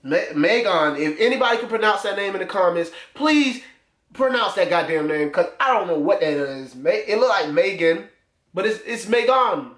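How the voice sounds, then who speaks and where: A man's voice: high voice, lively intonation, moderate pace, fairly bright tone. A young man giving loose, crude, teasing commentary as he reacts on his own channel. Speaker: YouTuber. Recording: echoey room.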